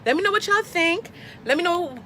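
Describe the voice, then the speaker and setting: A young woman in her twenties telling a casual storytime vlog, animated and acting out what people said with big swings in her voice. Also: a little fast, slight background noise. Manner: animated, acts out quotes with big pitch jumps. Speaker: vlogger.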